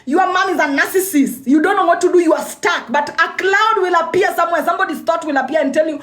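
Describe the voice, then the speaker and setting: A woman's voice: very high voice, animated, fairly quick, hardly any pauses, fairly bright tone. A young woman giving a motivational talk on a livestream, repeating lines for emphasis and often restarting her sentences. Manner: repetitive and emphatic, with frequent restarts. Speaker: motivational speaker.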